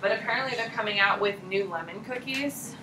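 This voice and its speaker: A woman's voice: mid-range voice, fairly quick, noisy background. A woman in her thirties, a teacher giving a chatty classroom lecture and quizzing her students. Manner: lively, chatty, asks the class questions.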